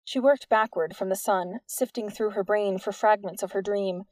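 A woman giving steady, measured scripted narration of a novel into a close studio mic. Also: mid-range voice, no echo. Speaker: audiobook narrator.

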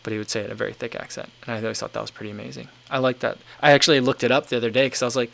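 A man's voice: mid-range voice, fairly even intonation, very fast, vocal fry, few pauses, fairly bright tone, a little hiss or hum. A man hosting a casual livestream, reading viewer comments aloud and answering them in a rambling, filler-heavy way as he thinks aloud. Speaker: livestream host reading chat.

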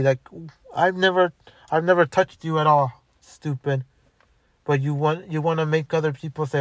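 A man's voice: on the high side, steady tone, normal speed, dry recording. A young man telling a personal story in a bitter, profane monologue, rambling and restarting often.

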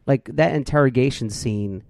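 A man with a warm, mellow voice talks over a film in casual podcast chat, full of "like" fillers as he spins a story. The sound is dry and close, with no room around it. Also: medium pitch, moderate pace, vocal fry, no room sound. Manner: animated storyteller, lots of "like" fillers.

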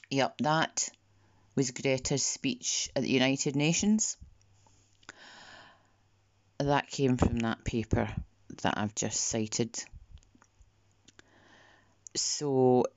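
A woman delivering a podcast monologue in a slow, deliberate way, sometimes dropping to a near whisper. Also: a bass voice, a little mellow, no room sound. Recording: dull, lo-fi dry recording.

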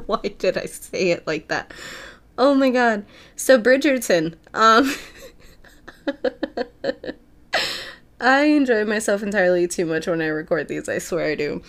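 A young woman hosting a casual entertainment news podcast, chatty and quick to laugh, swearing freely as she rambles. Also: medium pitch, fairly even intonation. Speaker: podcast host. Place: Chicago.

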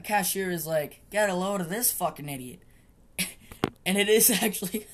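A woman hosting a solo podcast, rambling casually and swearing, with frequent laughter. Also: low voice. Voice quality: profane, rambling, laughs often. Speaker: podcast host.

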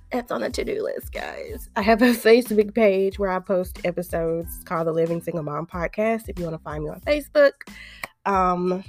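A woman's voice: medium pitch, a little mellow. Chatty woman podcast host in her 30s, playful and jokey, some faint music behind. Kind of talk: casual chat.

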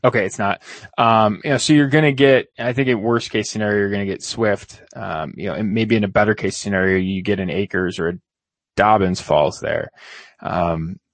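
Low-voiced man weighing a trade aloud. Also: moderate pace, no room sound. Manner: thinking aloud, hesitant restarts. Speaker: podcast co-host. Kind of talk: casual fantasy football discussion.

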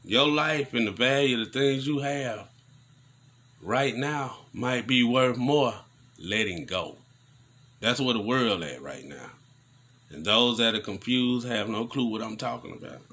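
A man giving casual news commentary on a vlog, preaching in animated rants full of slang. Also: mid-range voice, unhurried.

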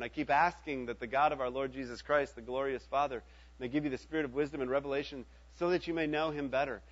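A man's voice: medium pitch, slightly rough, dull audio. A middle-aged man preaching a sermon in a conversational way, often checking in with his listeners. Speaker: pastor.

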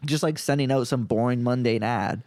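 A man's voice: medium pitch, moderate pace, a little mellow, no room sound, clean studio sound. A young man co-hosting a casual podcast, laid-back and rambling, full of "like" fillers. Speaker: podcast co-host.

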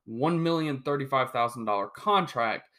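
A young man hosting a solo sports podcast, talking in an animated, joking way with many restarts. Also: medium pitch, moderate pace. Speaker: podcast host.

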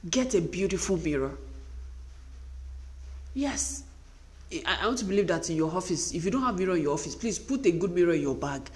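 A woman's voice: lowish voice, lively intonation, brisk, long pauses, a little mellow. A woman giving an earnest, emphatic, faith-based motivational talk to wives. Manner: earnest, emphatic, repetitive exhortation.

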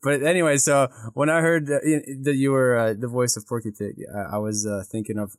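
A man from Ukraine hosts an interview, asking questions with enthusiasm and frequent laughter. His voice is mid-pitched and recorded dry and close, with no room sound. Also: little pitch movement, fairly quick, no room sound. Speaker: podcast host. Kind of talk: interview conversation.

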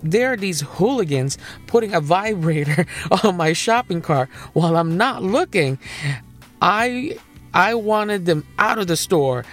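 A man's voice: high-pitched, animated, a little slow, faint music behind. A man playing a cranky old woman customer who scolds in a smoker's voice. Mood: indignant. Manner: indignant, old-fashioned scolding.

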